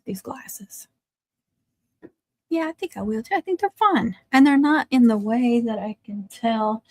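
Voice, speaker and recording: A woman's voice: on the high side, moderate pace, no echo. A woman chatting casually on a home livestream, laughing often and cooing at her dogs. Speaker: livestream host. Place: home, in the country.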